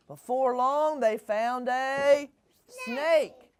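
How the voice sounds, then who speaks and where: A woman's voice: high voice, expressive, unhurried. A woman reading a picture book aloud to children as a librarian, coaxing them to act along.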